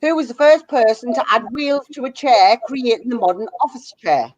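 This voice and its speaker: A woman's voice: on the high side, lively intonation, moderate pace, no room sound. Woman reading quiz questions, dull dry sound. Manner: reads out answer options in a listing rhythm. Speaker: quiz host.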